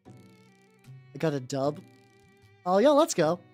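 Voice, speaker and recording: Painting miniatures during a casual live stream, this streamer speaks slowly in a mid-range voice. The delivery is animated and rambling, heavy on fillers, and the swearing flows freely. Faint music plays in the background.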